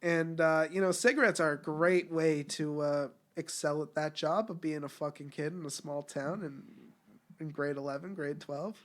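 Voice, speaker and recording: A man talks as a guest in a casual podcast chat. He is blunt and laid-back and swears freely. His voice sits a little higher than most men's. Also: steady tone, normal speed.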